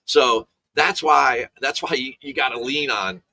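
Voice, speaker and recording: A man's voice: medium pitch, a little slow, gravelly, bright, forceful tone, slight background noise. A man analyzing golf for betting in a casual chat, telling rambling stories full of restarts and asides.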